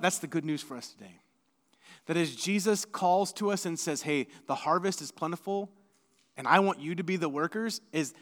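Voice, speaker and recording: A male pastor preaching a sermon in a church, talking conversationally and moving between hushed and emphatic delivery. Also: on the high side. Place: church sanctuary. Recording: long reverb of a church sanctuary.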